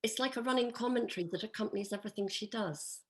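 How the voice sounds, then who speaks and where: A woman's voice: fairly high pitch, fast. A woman who interviews the author at a book launch, asking hesitant questions from away from the main mic. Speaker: event interviewer.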